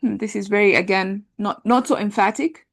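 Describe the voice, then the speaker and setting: A woman teaching an Arabic grammar class, talking through translations in a relaxed conversational way with many fillers. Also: mid-range voice, moderate pace, creaky. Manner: explains patiently, thinks aloud with many fillers; reads translations aloud and compares them.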